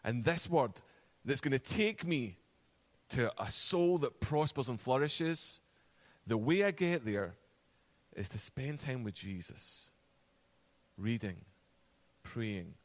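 A man preaching a sermon, animated, acting out quoted voices, and dropping to a soft, low voice for emphasis. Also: takes it slowly, pauses often. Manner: acts out quoted voices and asides.

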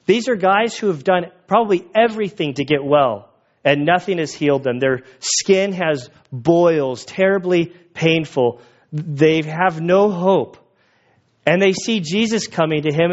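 Conversational preacher, slightly high voice. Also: male voice, a little slow, highs cut off. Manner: conversational, animated retelling with acted quotes. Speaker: pastor. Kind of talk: sermon.

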